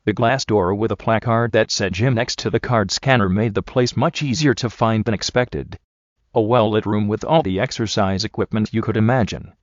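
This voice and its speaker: A man narrating an audiobook in a steady, even way. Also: lowish voice, moderate pace, no room sound, highs cut off. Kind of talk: scripted narration.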